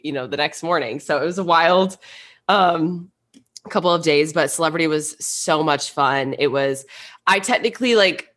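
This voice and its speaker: A woman's voice: deep voice, a bit bright. A woman co-hosting a podcast in casual chat, upbeat and gushing. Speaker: podcast co-host.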